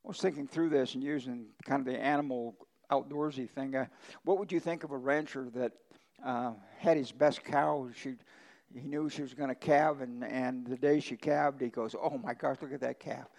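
A man's voice: mid-range voice, steady tone, moderate pace, darkish tone, poor audio. A male pastor preaching a conversational sermon, telling folksy ranch stories with emphatic swings in his voice.

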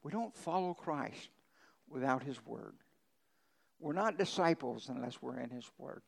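A man's voice: medium pitch, lively intonation, unhurried, creaky, low-quality recording. A male pastor preaching a conversational sermon, telling folksy ranch stories with emphatic swings in his voice.

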